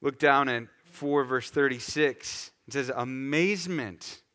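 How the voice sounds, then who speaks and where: A man preaching a sermon in a lively, conversational way, acting out scenes for the congregation. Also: medium pitch, a little slow. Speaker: pastor.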